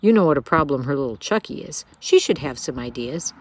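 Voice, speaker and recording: Kindly neighbor lady, voiced by a woman, sweet, sympathetic, higher voice, storybook. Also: expressive, fairly quick. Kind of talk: storybook reading.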